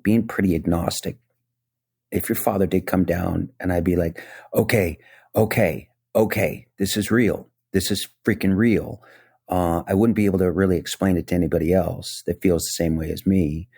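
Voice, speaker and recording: A man's voice: low voice, fairly even intonation, normal speed, creaky, mellow, slightly rough, no room sound, studio quality. A man co-hosting a podcast, talking in a searching, heartfelt, hesitant way. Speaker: podcast co-host. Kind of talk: casual chat.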